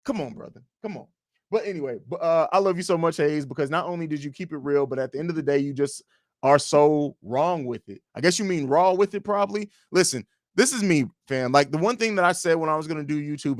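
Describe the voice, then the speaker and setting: A young man hosting a casual livestream, reading viewer comments aloud and answering them in a blunt, profane, animated way. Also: on the high side, fast, no room sound, clean studio sound. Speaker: livestream host.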